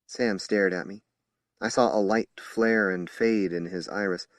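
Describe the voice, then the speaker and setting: A man reading a horror novel aloud as an audiobook narrator in measured storytelling. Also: on the low side, fairly even intonation, no echo, studio quality. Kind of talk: scripted narration.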